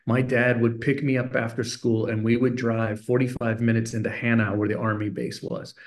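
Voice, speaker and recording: A man's voice: mid-range voice, normal speed. Man, middle-aged, podcast guest, mid-range voice, conversational storytelling, acts out voices. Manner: animated storyteller who acts out voices of people in his story.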